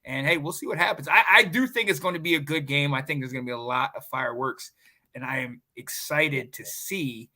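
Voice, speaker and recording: Bright-voiced playful man co-host. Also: on the high side, fairly quick. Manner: playful, joking banter. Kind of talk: casual chat.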